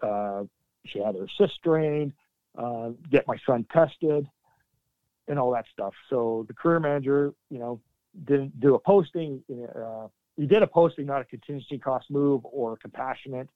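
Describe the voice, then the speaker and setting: Middle-aged man, ex-soldier guest, candid and halting, dry narrow phone-like audio. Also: mid-range voice, dry recording. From Canada. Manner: earnest, halting, with sudden emphatic bursts. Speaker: military veteran guest. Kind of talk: candid interview storytelling. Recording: dry, tinny phone-like line.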